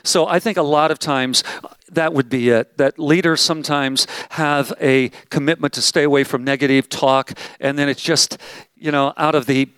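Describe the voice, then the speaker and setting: A man's voice: on the high side, steady tone, moderate pace, a bit bright, clean tone, dry recording. Emphatic pastor man, dry close sound. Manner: emphatic, repeats key phrases. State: out of breath. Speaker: pastor leading a conference session. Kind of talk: conference talk with Q&A. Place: large room with audience.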